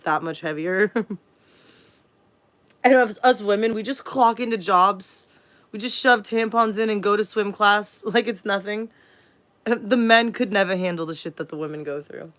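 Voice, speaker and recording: A woman's voice: mid-range voice, fairly bright tone. Profane rambling woman livestreamer. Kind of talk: casual livestream rant.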